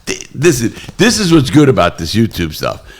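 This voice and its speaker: A man's voice: medium pitch, moderate pace, breathy edge. A middle-aged man hosting a casual podcast chat, telling rambling stories and acting out what others said. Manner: rambling storyteller, animated impressions. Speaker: podcast host.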